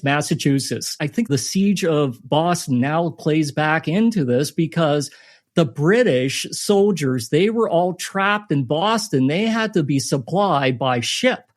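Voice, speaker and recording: A man's voice: fairly high pitch, animated, unhurried. Playful man hosting a podcast. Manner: playful, sarcastic joking. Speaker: podcast host. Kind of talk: casual history podcast chat.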